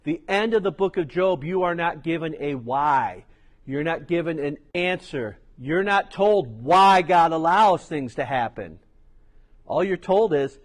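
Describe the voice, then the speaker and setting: A man's voice: a little high, expressive, a little slow. A middle-aged man preaching a sermon as pastor, telling stories with chatty asides. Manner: storytelling, conversational asides.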